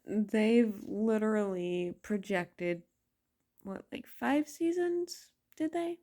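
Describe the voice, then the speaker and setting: A woman vents in a casual vlog, talking slowly and bluntly with plenty of swearing. Her voice is mellow and dark-toned, and her exasperation stays steady throughout. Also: mid-range voice. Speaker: video reviewer.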